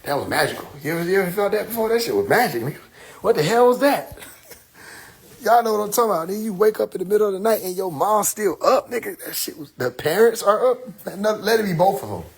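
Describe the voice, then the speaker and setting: A man's voice: high-pitched, quick pace, gravelly, husky. A young man telling a funny story from his childhood in a casual monologue, laughing often and swearing freely. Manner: animated, laughing, profane. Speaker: streamer.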